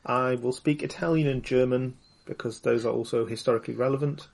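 A man playing a tabletop game, chattily pitching ideas with lots of fillers. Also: fairly even intonation, fairly quick, gravelly, a loud crowd. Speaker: player. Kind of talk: casual tabletop chat.

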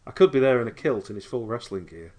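A man's voice: medium pitch, expressive, quick pace, a little mellow. A man playing a casual tabletop game, making dry jokes. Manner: dry and joking. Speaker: player.

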